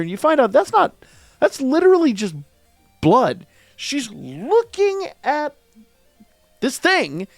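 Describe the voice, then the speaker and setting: Lively excitable man reviewing manga. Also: high-pitched, no room sound. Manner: excitable, slangy and emphatic. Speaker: manga reaction host. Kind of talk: casual reaction review.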